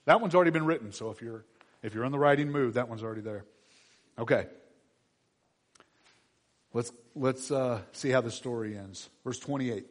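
A man preaching a conversational sermon and reading scripture aloud, dropping to quiet asides and then rising to loud, emphatic bursts. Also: medium pitch, normal speed, long pauses. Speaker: pastor.

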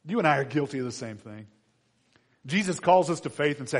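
A man preaching a conversational sermon and reading scripture aloud, dropping to quiet asides and then rising to loud, emphatic bursts. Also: medium pitch, expressive, brisk. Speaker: pastor.

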